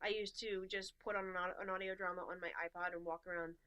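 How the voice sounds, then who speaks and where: A woman co-hosting a casual podcast, chatting and telling stories in an animated way. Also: fairly low pitch, fast talker, highs cut off. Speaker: podcast co-host. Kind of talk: casual chat.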